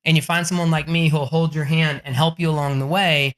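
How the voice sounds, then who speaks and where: A man talking as a podcast guest, animated and energetic, swearing freely and laughing as he talks. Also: a little high, fairly quick. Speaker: podcast guest, book coach. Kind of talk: energetic, profane interview talk.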